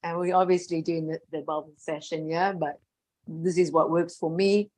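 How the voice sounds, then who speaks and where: A woman telling a heartfelt personal story in an earnest, emotional way. She repeats phrases, laughs softly, and often drops to a hushed voice. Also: low voice, steady tone, moderate pace.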